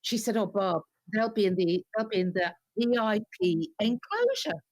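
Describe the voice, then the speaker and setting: A woman singer tells stories in an interview, her pitch leaping all over as she acts out what people said. The sound is dry and close, with no room around her. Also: moderate pace, dry recording. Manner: lively, animated anecdotes with acted-out quotes. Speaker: guest singer. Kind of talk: storytelling interview.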